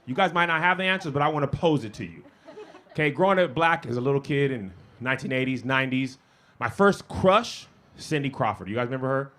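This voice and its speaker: A male stand-up comic with a high, lively voice that jumps all over. His tone is bright and forceful. He drops to low mutters and then bursts into shouts. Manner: animated, swings between low mutters and loud shouts. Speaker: stand-up comedian. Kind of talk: stand-up comedy set. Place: comedy venue with live audience.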